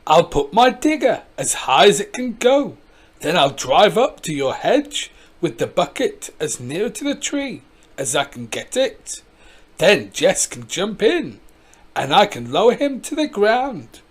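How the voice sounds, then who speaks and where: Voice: mid-range voice, very animated, unhurried, husky. A storybook reader voicing an eager, clumsy young farmer with a hearty manner.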